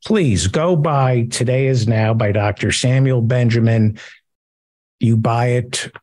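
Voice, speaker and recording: A man hosting a talk show, reading out listener questions and trading wry, deadpan jokes in casual chat. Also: mid-range voice, slow pace, no room sound. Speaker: show host.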